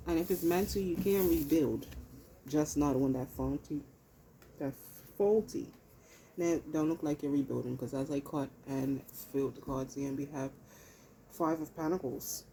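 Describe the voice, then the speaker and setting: A woman's voice: deep voice, a little slow, mellow, a little hiss or hum, low-quality recording. A woman giving a casual tarot reading into her phone, blunt and profane, hammering points home with repetition. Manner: blunt and profane, emphatic repeats. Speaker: tarot reader.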